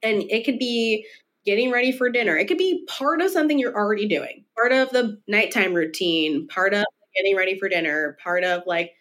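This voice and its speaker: A woman's voice: mid-range voice, a little fast, fairly bright tone. A woman clinical psychologist, a podcast guest, explaining her work in a conversational way and stretching out the words she wants to stress. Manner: explanatory, with stretched emphasis on key points. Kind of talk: conversational interview.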